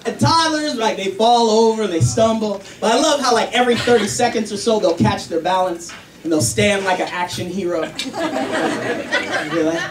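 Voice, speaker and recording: A man's voice: high voice, a little fast, few pauses. A man doing a chatty stand-up comedy set about parenting, acting out voices. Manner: animated, chatty, acts out voices. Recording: roomy club, distant mic, crowd noise.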